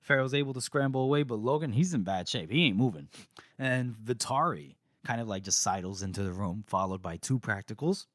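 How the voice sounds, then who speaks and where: A young man co-hosting a podcast, retelling a book chapter in casual chat, animated and laughing as he acts out lines. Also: medium pitch, fairly quick, no echo, clean studio sound.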